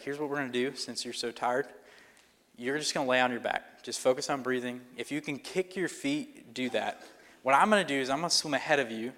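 A pastor telling a personal story in a sermon, in a loose conversational way with fillers and restarts. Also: male voice, mid-range voice, a bit bright. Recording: long reverb of a hall.

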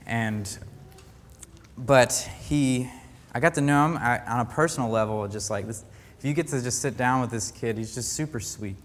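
A young man speaks earnestly to a gathered group, sharing a personal faith testimony. He stumbles and restarts often, searching for words as he goes. His mid-pitched voice carries a long reverb, as if it were filling a large hall. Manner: earnest, halting, with many restarts. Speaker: camp counselor giving a faith talk.

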